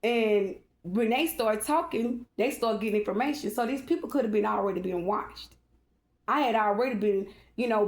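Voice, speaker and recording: A woman's voice: medium pitch, roomy sound. A woman who reads tarot, talking emotionally and at length to her followers, emphatic and rambling, calling out to her listeners again and again. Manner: emphatic, rambling, repeatedly addressing listeners directly. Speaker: tarot reader and vlogger. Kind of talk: emotional personal monologue to followers.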